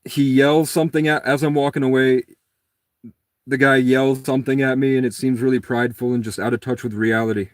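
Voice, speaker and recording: A man's voice: mid-range voice, flat delivery, brisk, no room sound, studio quality. A man telling a long personal story in a casual, rambling monologue. He acts out the other people's lines in a raised voice.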